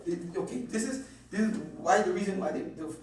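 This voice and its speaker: A man's voice: high-pitched, fairly quick. A frightened man being questioned by police, stammering, repeating himself and cursing heavily as he rambles through his account. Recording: echoey room, distant mic, faint hum.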